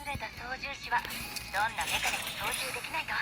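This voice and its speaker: A woman voicing a brisk anime mecha pilot. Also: on the high side, animated, loud music behind the voice, close to an everyday voice. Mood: alert. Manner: curt urgent battle callouts. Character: brisk confident young female mecha pilot. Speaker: in-game mecha pilot character. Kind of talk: video game voice lines.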